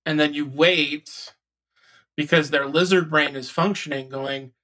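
Bright-voiced man coaching on sales calls. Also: fairly high pitch, unhurried, rough recording. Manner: animated, acts out phone calls. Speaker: podcast co-host and sales coach. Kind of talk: casual podcast chat.

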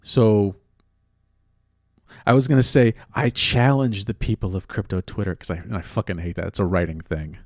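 A man's voice: lowish voice, fairly even intonation, normal speed, no echo, studio quality. A man ranting in a casual way, blunt and profane, stopping now and then to question himself. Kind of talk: casual rant.

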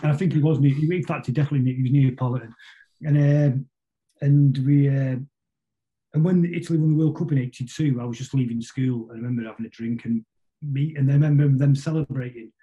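A middle-aged man talking quickly through rambling anecdotes, stumbling and restarting as he goes. His voice is dark and mellow. The recording sounds dull and lo-fi. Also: mid-range voice, steady tone. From Salford, England. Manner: rambling, with frequent restarts and repetitions. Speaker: guest. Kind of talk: casual storytelling interview.

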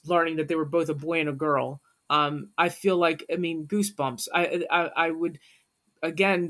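A woman's voice: deep voice, a bit bright. An earnest woman speaks as a guest on a podcast interview. She tells a personal story in a heartfelt, sincere way.

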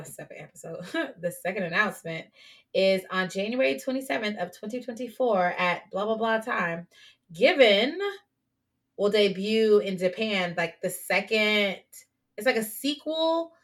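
A woman co-hosting a podcast, chatting casually and playfully about anime, laughing often. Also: mid-range voice. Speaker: podcast co-host.

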